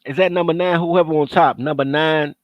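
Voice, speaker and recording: A man co-hosting a casual reaction chat, loud and quick to laugh and exclaim. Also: fairly high pitch, steady tone, no room sound, muffled recording. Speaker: co-host.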